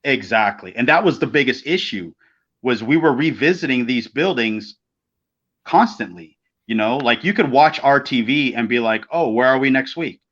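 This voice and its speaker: A middle-aged man co-hosting a casual podcast, telling an old road story in a profane, animated way and acting out the voices of the people in it. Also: mid-range voice, moderate pace. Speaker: podcast co-host, former pro wrestler. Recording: dull lo-fi podcast audio.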